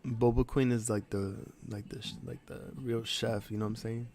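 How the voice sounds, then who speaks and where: A man's voice: medium pitch, steady tone, moderate pace, darkish tone. A man with a New York accent chatting casually on a livestream, laid-back, laughing and swearing often. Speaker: livestream host.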